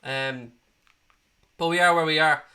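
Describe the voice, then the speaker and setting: A Dublin man in his late thirties with an Irish accent hosts a live football watchalong, his fairly high voice steady, sharp and a little slow. Blunt and swearing freely, he talks straight to chat while sounding under the weather with a cold.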